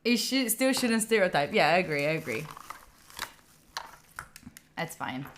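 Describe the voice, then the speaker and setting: A woman's voice: lowish voice, a little slow, a little hiss or hum. Chatty Italian-accented woman streamer. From Italy. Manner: chatty and animated, laughs often, reads chat aloud. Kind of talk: casual livestream chat with viewers.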